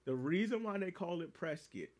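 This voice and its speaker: Lively high-voiced man telling stories. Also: moderate pace. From East Coast, D.C. area. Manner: animated storytelling with frequent swearing and sound effects. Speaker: podcast co-host. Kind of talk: casual chat.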